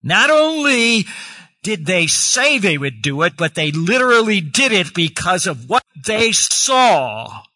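Slow-speaking bright-voiced male preacher. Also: sits high, big pitch swings. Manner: slow expository preaching, reading scripture aloud. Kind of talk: sermon.

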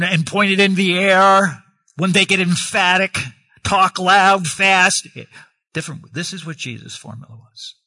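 A man's voice: a little high, sharp tone. A man preaching a sermon, reading scripture aloud and explaining it verse by verse.

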